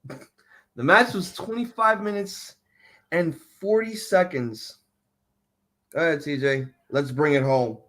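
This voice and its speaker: A man hosting a casual wrestling reaction chat, excitable and profane, often restarting his sentences. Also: a little high, slow, long pauses. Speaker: podcast host.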